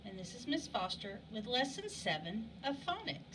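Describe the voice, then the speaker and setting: A woman's voice: fairly high pitch, very animated, normal speed, recorded from a distance, noisy background. A woman teaching a phonics lesson to young children, patiently asking questions and stretching out words to demonstrate them. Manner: exaggerated word pronunciation, patient questions to young students. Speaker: elementary school teacher.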